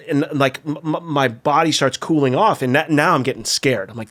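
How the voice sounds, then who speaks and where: A man's voice: a little high, normal speed. A middle-aged man from California, a skate video filmer, telling a story casually in a podcast interview, profane and acting out the voices of the people he quotes.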